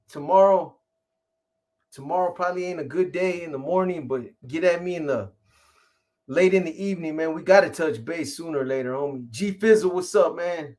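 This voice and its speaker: Brief: middle-aged male live-stream host, slightly high voice, profane street slang, rambling shout-outs. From California. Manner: rambling, shouting out viewers by name. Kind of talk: casual live-stream chat.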